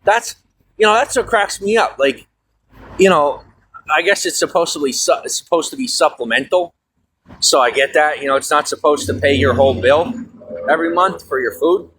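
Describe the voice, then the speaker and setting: A stressed, fired-up man venting on a livestream, swearing often and swinging from loud outbursts to low mutters. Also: animated, moderate pace, slight background noise. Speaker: livestream host. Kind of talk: angry livestream rant. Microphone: phone.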